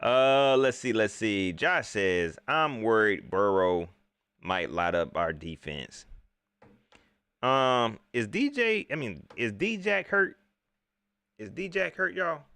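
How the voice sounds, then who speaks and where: A man, hosting a casual live sports talk show, animated and talking straight to his viewers as he reads their chat. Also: medium pitch, slow, clean tone, dry recording. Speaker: sports talk livestream host.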